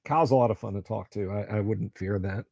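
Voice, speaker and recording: A man's voice: lowish voice, quick pace, gravelly, darkish tone, husky, no room sound. A man hosting a tabletop gaming livestream in rambling, jokey casual chat, laughing often. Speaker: livestream host.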